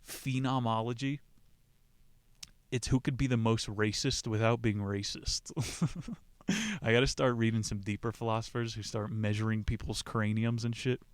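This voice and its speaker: A man's voice: on the low side, steady tone, moderate pace, clear, resonant tone, no echo. A man hosting a podcast, riffing casually and mockingly on a philosophy book and reading quotes from it aloud. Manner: irreverent, rambling, mocking, reads quotes aloud. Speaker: podcast host.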